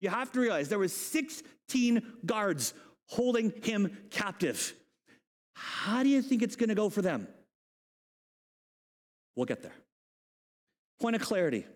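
A male pastor preaching a sermon in an animated, humorous, conversational way. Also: sits high, measured pace, long pauses. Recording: long hall reverb.

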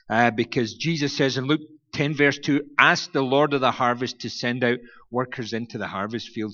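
Speaking as a guest preacher from a church planting network, a man delivers a humorous sermon full of wry, self-mocking stories. His mid-range voice has a fairly bright tone, and the recording sounds dull in a reverberant church hall.

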